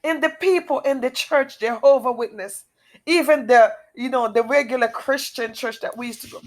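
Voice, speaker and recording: A woman giving an emotional personal testimony, halting and repetitive, speaking earnestly. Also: high voice. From outside America.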